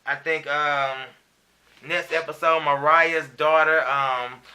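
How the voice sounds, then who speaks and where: A man's voice: on the high side, fairly even intonation, slow pace, sharp tone. A man giving a chatty, profane, gossipy review of a reality TV episode, peppering his talk with filler phrases. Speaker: reality TV recap vlogger.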